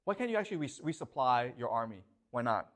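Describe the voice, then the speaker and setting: A man's voice: medium pitch, big pitch swings, fast, fairly bright tone. A man giving a classroom lecture, posing rhetorical questions and constantly checking that his students follow.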